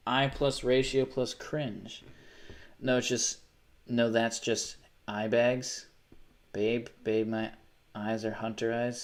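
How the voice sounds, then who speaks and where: A man streaming live who talks at a middling pitch in an easy, offhand way. He reacts to pictures and viewer messages on the fly, swearing freely and breaking into laughter. His sentences often stop and restart. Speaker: livestreamer.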